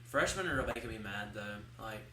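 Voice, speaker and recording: A young man co-hosts a podcast, rambling through casual stories in a lowish voice with lively intonation at normal speed. His chatty telling is full of fillers and many likes, picked up by a distant mic with a roomy sound and faint hiss.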